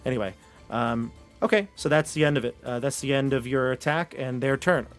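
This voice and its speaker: A man's voice: medium pitch, fairly quick, faint music behind. A man narrating as game master in a casual style, laughing often.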